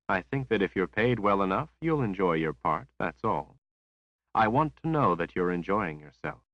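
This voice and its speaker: A cold, calculating man, voiced by a male narrator speaking in a deep, calm, measured way. The menace stays under the surface. The sound is dry and a little dull. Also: no room sound.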